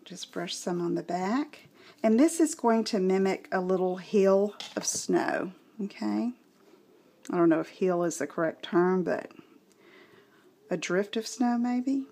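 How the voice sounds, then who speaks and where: A woman's voice: medium pitch, lively intonation, a little slow, dark tone. A woman from Southeast Texas with a Southern accent, chatting casually through a card-making tutorial and thinking aloud as she works. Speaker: craft tutorial host. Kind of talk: casual craft demonstration.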